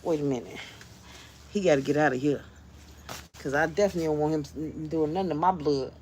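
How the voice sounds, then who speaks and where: A woman's voice: sits low, a little fast, a little mellow, slight background noise. A woman vlogger talking casually to her viewers, chatty and jumpy, laughing often as she frets.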